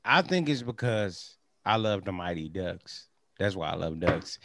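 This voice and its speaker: Gravelly, animated man telling stories. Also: low voice, a little slow, dry recording, clean studio sound. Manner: animated, profane storytelling, acts out quotes. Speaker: podcast co-host. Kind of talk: casual chat.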